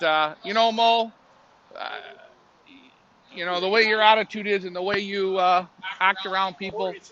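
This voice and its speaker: A man's voice: sits high, bright, forceful tone. A man commenting on a live stream as pigeon loft manager, talking in a folksy, rambling way with many fillers. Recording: muffled audio with crowd noise.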